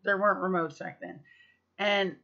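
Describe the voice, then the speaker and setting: Chatty, bright-voiced woman vlogger. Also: mid-range voice, normal speed. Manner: chatty, profane, full of fillers. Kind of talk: casual storytelling to camera. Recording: slightly muffled lo-fi recording.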